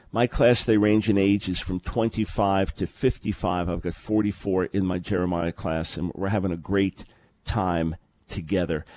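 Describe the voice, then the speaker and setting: A man's voice: lowish voice, a little mellow, no room sound. A man hosting a live call-in radio talk show, speaking earnestly and conversationally, often repeating a word as he starts a sentence. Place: remote location, early morning.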